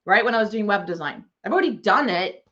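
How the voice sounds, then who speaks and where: A woman's voice: mid-range voice, lively intonation, quick pace, fairly bright tone, dull audio. A woman ranting in a monologue as an online business coach, sarcastic, swearing freely and mocking other people in exaggerated voices.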